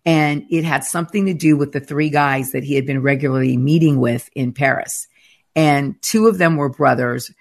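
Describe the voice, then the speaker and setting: A woman, the guest in an interview, retelling her experiences in an emphatic, dramatic conversational way, with frequent restarts. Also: deep voice. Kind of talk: conversational storytelling.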